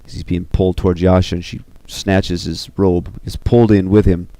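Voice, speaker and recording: A man casually pitching a film story scene by scene, loose and rambling with many fillers. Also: little pitch movement, moderate pace, dark tone. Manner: loose and rambling, full of 'you know' and 'kinda'.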